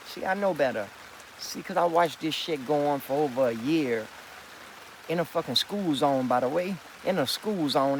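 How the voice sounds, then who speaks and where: Guy vlogging, rambling and cussing, kinda high voice, faint noise in the back. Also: low-quality recording. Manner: rambling, profane, emphatic storytelling; folksy address with "partner" and "boy". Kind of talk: rambling monologue to camera.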